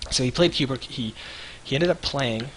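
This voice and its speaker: A man in his thirties, co-hosting a livestream, telling rambling animated stories with lots of restarts. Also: mid-range voice, moderate pace, slight background noise, rough recording. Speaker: web show co-host. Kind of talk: casual livestream chat.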